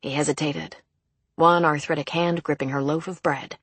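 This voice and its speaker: Female audiobook narrator, husky low voice, measured delivery, dry close sound. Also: dry recording. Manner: even, measured storytelling.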